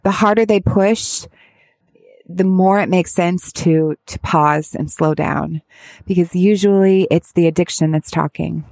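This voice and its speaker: A woman speaking as a parent of a child with addiction, giving candid advice in a halting, heartfelt way with many restarts. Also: lowish voice, creaky, a little mellow, no echo. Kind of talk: candid personal advice talk.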